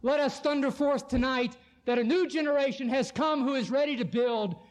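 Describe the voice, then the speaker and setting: A man preaching a sermon with an impassioned, oratorical delivery, slowing down dramatically to stress key lines. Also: very high voice.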